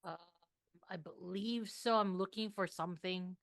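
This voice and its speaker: A woman's voice: medium pitch, unhurried, no room sound, clean studio sound. A woman playing in an online tabletop game, playful and a bit hesitant. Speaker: player. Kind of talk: casual tabletop game chat.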